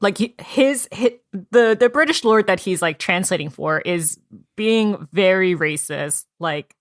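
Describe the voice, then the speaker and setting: A woman's voice: medium pitch, a little slow, no room sound, clean studio sound. A woman co-hosting a podcast, chatting casually about a novel and acting out characters' lines. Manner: animated, acts out characters' lines in quotes. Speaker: podcast co-host. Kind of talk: casual book club chat.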